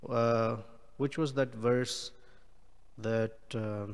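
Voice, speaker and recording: A man giving a scripture class, explaining Sanskrit words slowly with many pauses. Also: mid-range voice, fairly even intonation, clear, resonant tone, in a large hall. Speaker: class speaker.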